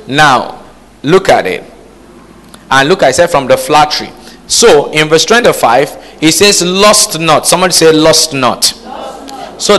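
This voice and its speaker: In a reverberant church hall, a man with a fairly high, somewhat bright voice delivers a sermon at normal speed with plenty of animation. He runs a call-and-response with the congregation, quizzing them and asking "All right?" again and again.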